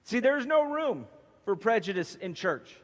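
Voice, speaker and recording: A man preaching a sermon as pastor, emphatic and animated with playful asides, in a church sanctuary. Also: high voice, unhurried. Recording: long hall reverb.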